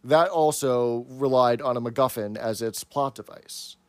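A man's voice: medium pitch, a little slow, no room sound. A man co-hosting a podcast in casual chat, explaining things and telling jokes. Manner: chatty, explains and tells jokes. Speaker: podcast co-host.

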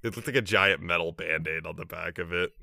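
A man's voice: deep voice, fairly quick, creaky, sharp tone, no echo, clean studio sound. A man co-hosting a podcast, chatting casually about an anime episode in a loose, filler-heavy way. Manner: chatty, peppered with filler words. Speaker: podcast co-host. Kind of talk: casual anime recap chat.

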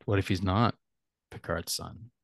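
Low-voiced man musing in a dry room. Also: steady tone, normal speed, gravelly, dry recording. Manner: musing, rambling, chuckles often. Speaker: podcast host. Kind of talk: casual chat.

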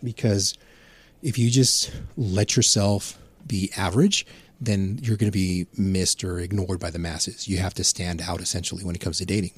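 A man's voice: deep voice, fairly even intonation, moderate pace, breathy edge. A man chatting casually on a podcast, telling rambling, profane anecdotes. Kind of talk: casual chat.

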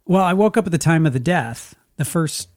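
Middle-aged male podcast host from Spokane, slightly high voice, casual rambling storyteller. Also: animated, a little fast, dry recording, clean studio sound. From Spokane, USA. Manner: rambling, frequent restarts, acts out quotes.

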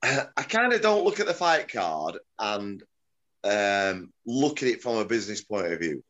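A middle-aged man talks loosely through his story as an interview guest. His voice sits a little low, and he often restarts his sentences and chuckles along the way. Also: big pitch swings, measured pace, fairly bright tone, muffled recording. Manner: rambling, self-correcting, chuckling. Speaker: MMA promoter, guest. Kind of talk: casual interview chat.

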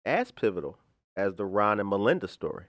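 A man, hosting a daily local news podcast in a friendly, relaxed chat. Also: on the low side, brisk, dry recording. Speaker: podcast host. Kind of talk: casual chat.

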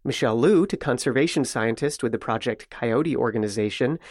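A man's voice: mid-range voice, dry recording. Man reporting news in a dry studio. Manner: measured, even storytelling delivery. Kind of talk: scripted news narration. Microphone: close studio mic.

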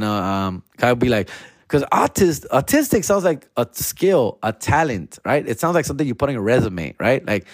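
A man's voice: lowish voice, no room sound, studio quality. A man hosting a podcast as a comedian, talking in a laid-back, slangy monologue mixed with Spanish slang. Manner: laid-back, slangy, drops "fool" and "dog" constantly.

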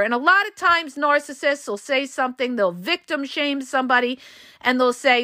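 A woman's voice: high-pitched, animated, normal speed, pushed and bright, no echo, studio quality. A woman hosting a podcast and coaching listeners, talking in a casual, emphatic monologue that repeats points and speaks straight to the audience. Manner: emphatic, repetitive, addresses listeners directly.

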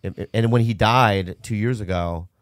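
A man's voice: lowish voice, unhurried, no room sound, clean studio sound. A man from Minnesota in casual conversation, candidly telling a rambling personal story with lots of fillers.

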